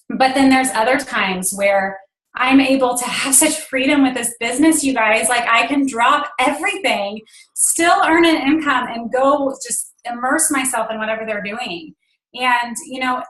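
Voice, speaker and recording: A woman's voice: on the high side, fairly bright tone, roomy sound, low-quality recording. A woman in her thirties, a guest speaker on a team call, telling a personal story in an earnest way with many fillers. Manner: earnest, emotional at times, filler-heavy.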